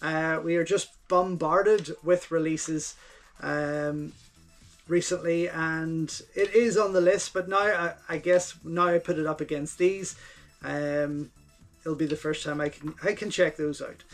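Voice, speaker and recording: A man with a fairly high voice hosts a casual unboxing, talking through each item as he handles it. He gushes with enthusiasm and keeps coming back to the same few words of praise. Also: fairly even intonation, unhurried, soft background music. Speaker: channel host reviewing home video releases.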